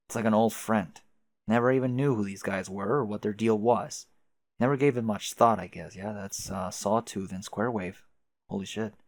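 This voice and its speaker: A man's voice: on the low side, no echo, natural voice. A young man voicing a sardonic, self-mocking young guy who talks dryly and swears casually. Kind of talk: reading a webcomic aloud, voicing characters.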